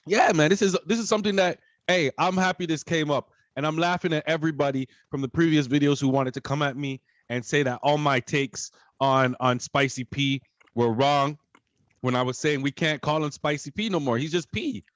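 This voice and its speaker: A man from Canada co-hosting a podcast, talking casually in a rambling, animated way full of fillers. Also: a little high, moderate pace, no room sound. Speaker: podcast co-host. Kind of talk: casual chat.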